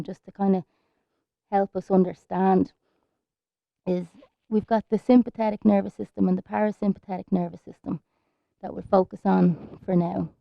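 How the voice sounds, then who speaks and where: An Irish woman teaching yoga, chatty and soothing as she guides each pose. Her voice has a gravelly edge at a middling pitch. It sounds dull and lo-fi, with no room echo at all. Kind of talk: guided yoga class instruction. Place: outdoors in a park.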